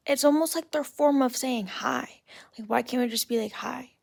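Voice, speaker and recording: A woman's voice: sits high, normal speed, vocal fry. A young woman in a casual solo rant, talking with exasperated mocking asides and lots of "like" and "literally". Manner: exasperated, mocking mimicry of others; casual filler-heavy speech, "like" and "literally". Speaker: podcast host.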